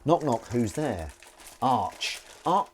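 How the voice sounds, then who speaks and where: Rambling, jokey man with a lively voice. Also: mid-range voice, slow, slightly rough. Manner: rambling, jokey, reading out chat comments. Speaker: livestream host. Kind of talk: casual chat while washing up.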